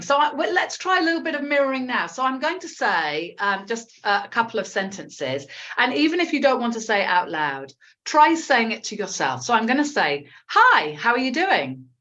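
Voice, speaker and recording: A woman's voice: on the high side, big pitch swings, moderate pace, fairly bright tone, dull audio. A woman with an English accent, teaching a live online English lesson in a chatty, encouraging way, with frequent ums and self-corrections. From England.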